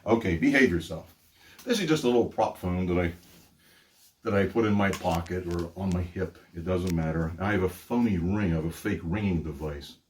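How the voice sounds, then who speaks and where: A man's voice: deep voice, normal speed, darkish tone. An older man from Pittsburgh, a magician and ventriloquist, hosting a casual teaching demonstration in an upbeat, chatty way with frequent laughs. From Pittsburgh, USA.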